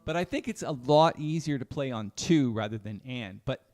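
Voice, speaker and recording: A man teaching jazz piano in a live online lesson, talking in a relaxed, thinking-aloud way and counting beats aloud as he plays. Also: medium pitch, moderate pace. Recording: piano playing behind the voice. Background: piano music.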